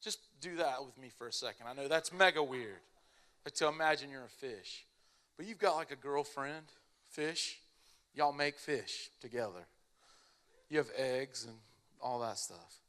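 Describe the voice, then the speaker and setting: A young man preaching a casual, animated sermon, telling stories in an everyday way. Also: medium pitch, unhurried. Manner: animated, casual storytelling with lots of "like".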